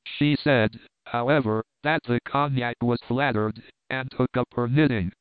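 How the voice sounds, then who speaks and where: Male audiobook narrator, measured, smooth resonant voice, dry phone-like sound. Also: medium pitch, fairly even intonation, no echo. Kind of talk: scripted classic-novel narration.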